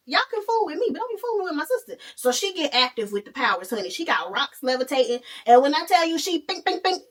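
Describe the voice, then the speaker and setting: A woman hosting a podcast, retelling a movie in a casual, animated way with playful asides. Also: high-pitched, recorded from a distance. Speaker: podcast host.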